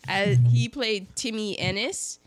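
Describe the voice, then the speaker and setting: A woman co-hosting a casual film podcast, chatting through cast trivia with quick asides. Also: medium pitch, dry recording. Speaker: podcast co-host presenting film facts. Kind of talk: casual chat about an old film.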